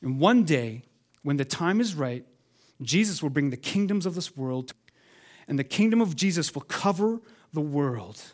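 A man preaching a sermon as pastor, swinging between loud emphatic lines and hushed ones, calling on the congregation to respond. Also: fairly high pitch, lively intonation, normal speed.

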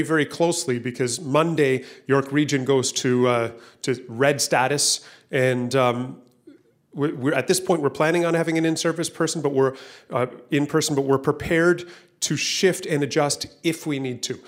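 A man preaching a sermon as pastor to a church room and online viewers, talking casually and often repeating words. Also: medium pitch. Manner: conversational, repeats words, acts out voices in stories.

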